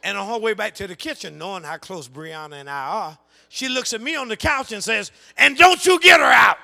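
A middle-aged man preaching a sermon, telling a folksy family story that builds into shouted preaching with call-and-response. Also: high voice, expressive, fairly quick, vocal fry. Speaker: guest preacher.

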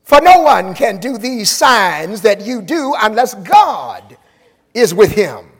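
A man preaching an impassioned sermon in a church, shouting and stretching out his phrases. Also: high-pitched, sing-song, takes it slowly. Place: church sanctuary. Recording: long reverb in a large hall.

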